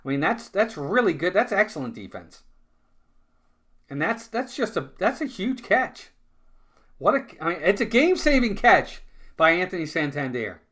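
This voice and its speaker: Man, casual baseball play-by-play, bright tense voice, chatty, repeats himself. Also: high voice, sing-song, moderate pace. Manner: casual and chatty, repeats words, talks to viewers. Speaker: fan play-by-play streamer. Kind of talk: live baseball play-by-play commentary.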